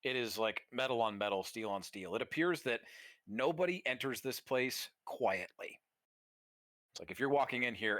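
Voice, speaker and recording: A man's voice: mid-range voice, fairly bright tone, no echo, studio quality. A man running a tabletop game as game master, describing scenes vividly with casual fillers.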